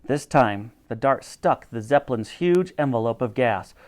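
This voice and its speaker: A man reading a children's novel aloud with a dramatic, animated delivery. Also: medium pitch, normal speed. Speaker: storyteller.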